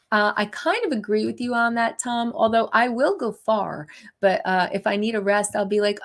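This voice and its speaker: Woman host, unhurried gravelly voice, chatty with frequent laughs, live-stream banter. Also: mid-range voice. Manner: chatty, laughs often, many fillers. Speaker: livestream host. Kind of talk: casual live chat reading viewer comments.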